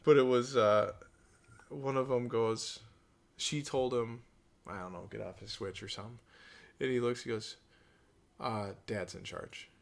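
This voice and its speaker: A man co-hosting a casual podcast, telling animated stories and swearing casually. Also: medium pitch, normal speed, creaky, pauses often. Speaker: podcast co-host.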